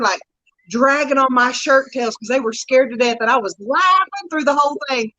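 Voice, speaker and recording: Chatty woman, fairly high. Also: fairly bright tone, dry recording, muffled recording. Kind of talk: casual chat.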